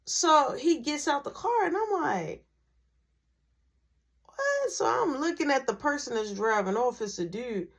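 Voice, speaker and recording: A woman telling a school story in a slangy, animated storytime style, acting out the dialogue. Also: sits high, moderate pace, vocal fry, few pauses. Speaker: vlogger. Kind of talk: storytime narration.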